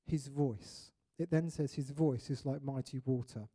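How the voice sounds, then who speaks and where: Animated preacher, mellow voice. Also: male voice, medium pitch, unhurried, slightly rough. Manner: animated, acts out little scenes and voices. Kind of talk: sermon.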